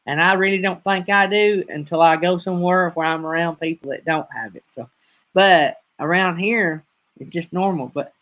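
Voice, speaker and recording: A man in his fifties from North Alabama, with a Southern accent, chats casually with his viewers on a livestream. His voice is high-pitched with a sharp tone, and he rambles in a folksy way.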